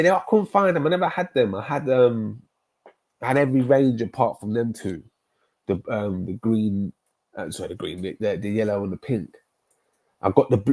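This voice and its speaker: A man, chatting casually on a live stream, animated and rambling, often repeating himself. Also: lowish voice. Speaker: football streamer chatting with viewers.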